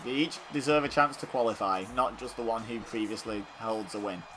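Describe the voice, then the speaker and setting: A man's voice: fairly low pitch, brisk, music in the background. Chatty man commentating a game. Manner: chatty, self-deprecating, rambling with fillers. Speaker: gaming YouTuber.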